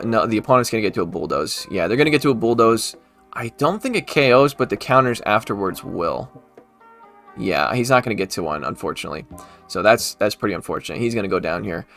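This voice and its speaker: Male host, brisk casual game play-by-play, chatty asides, faint music underneath. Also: mid-range voice, fairly bright tone. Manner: chatty, self-correcting, quick asides. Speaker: gaming channel host.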